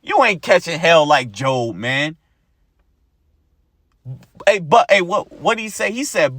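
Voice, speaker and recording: A man's voice: a little high, big pitch swings, takes it slowly, pauses often, a bit bright, no echo. A man preaching an informal sermon to his followers, blunt and profane, who keeps repeating his lines and ends his phrases with "man".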